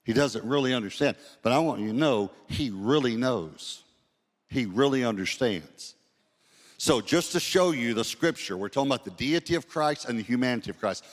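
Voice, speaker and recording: A male pastor preaching a sermon, telling a story with quoted dialogue and slowing down to read scripture aloud. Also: mid-range voice, animated. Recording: long hall reverb.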